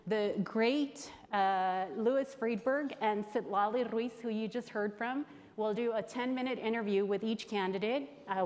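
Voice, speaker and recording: A woman in her thirties hosting a conference, telling a personal story to the audience in an anecdotal way with pauses. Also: medium pitch, a little mellow. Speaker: conference host introducing candidates. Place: large conference hall. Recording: long hall reverb.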